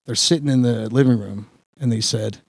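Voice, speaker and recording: A man tells a rambling, self-mocking story on a podcast, mid-pitched and loose, leaning on filler words. The sound is close and dry, with almost no room around him. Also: moderate pace, gravelly, breathy edge, no echo. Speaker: podcast host. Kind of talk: casual storytelling chat.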